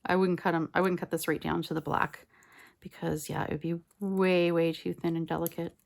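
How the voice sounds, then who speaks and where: Woman, low-pitched, gravelly, chatty and rambling, mutters to herself, phone mic at a home craft table. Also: level tone, brisk. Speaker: collage artist. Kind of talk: casual crafting chat. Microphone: phone on a mount.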